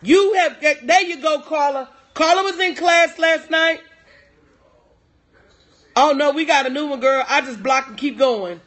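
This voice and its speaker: A woman's voice: high-pitched, unhurried, a bit bright. A middle-aged woman business coach talking to viewers on a livestream, preachy and emphatic, repeating her key lines and greeting people by name. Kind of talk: motivational livestream talk.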